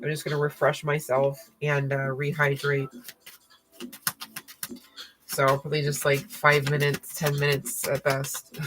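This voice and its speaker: A woman's voice: low voice, completely flat delivery, unhurried, long pauses, noisy background. A woman giving a casual tarot reading, chatty and slangy, swearing freely and peppering her talk with fillers. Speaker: tarot reader.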